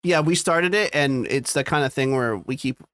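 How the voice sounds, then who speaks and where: A podcast co-host rambles, jokes and interrupts himself while talking through TV and game news in casual chat. His voice is fairly high and youthful, a bit bright, at a moderate pace, with no echo.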